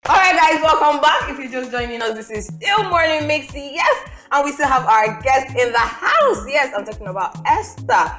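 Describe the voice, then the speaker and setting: A woman's voice: high voice, big pitch swings, moderate pace, hardly any pauses, fairly bright tone, soft background music. A woman co-hosting a morning radio show, keeping things moving with friendly prompts and frequent agreement. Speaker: radio co-host.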